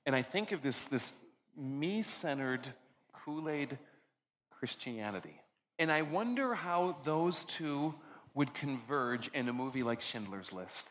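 A man preaching a sermon as pastor, earnest, slowing down for emphasis and dropping low and soft on key lines before leading communion. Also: expressive, slight background noise, poor audio.

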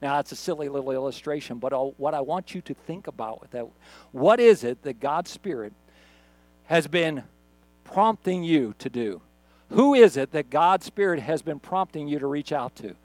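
A man's voice: a little high, lively intonation, normal speed, darkish tone, dry recording. A middle-aged male pastor preaching a sermon for an online video, in a conversational storytelling manner. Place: church recorded on camera.

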